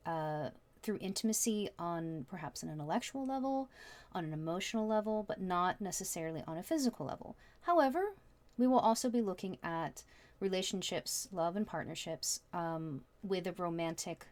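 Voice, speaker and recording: A woman's voice: on the low side, darkish tone. A woman giving a casual tarot reading, chatty and prone to rambling. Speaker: tarot reader.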